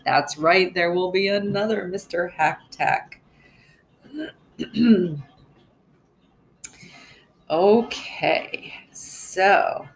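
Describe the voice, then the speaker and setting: Woman, teacher, read-aloud lesson, slow delivery, lively pitch, quizzes children. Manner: slow, expressive, quizzing young listeners.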